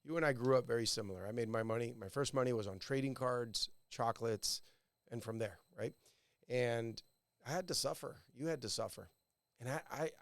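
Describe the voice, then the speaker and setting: A man's voice: medium pitch, vocal fry, dry recording, studio quality. A middle-aged man hosting a podcast, who listens with easy agreement and asks open questions. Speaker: podcast host. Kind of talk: casual podcast interview.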